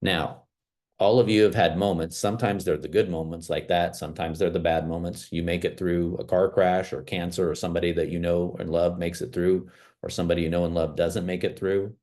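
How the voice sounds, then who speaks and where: A man from small-town America giving an animated, emphatic motivational talk over a video call, with casual fillers. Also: low voice, a little fast. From small-town United States.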